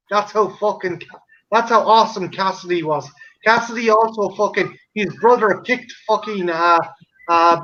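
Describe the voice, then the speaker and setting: A man's voice: sits high, pushed and bright, slight background noise. A man with an Irish accent ranting and swearing theatrically in a rambling, comic way on a stream. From Ireland. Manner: foul-mouthed, rambling, theatrical. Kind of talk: profane comic rant. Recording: dull lo-fi stream audio.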